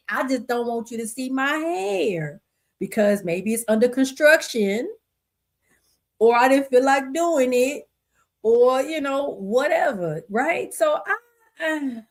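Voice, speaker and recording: A middle-aged woman podcast host, talking casually, animated and laughing often as she reads stories aloud. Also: a little high. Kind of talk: casual solo commentary. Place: home desk with two computer screens.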